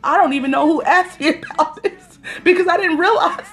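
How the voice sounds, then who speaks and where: A woman's voice: very high voice, brisk, a bit bright. A woman hosting a casual phone livestream, telling an exasperated story and greeting viewers by name as she goes. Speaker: livestream host.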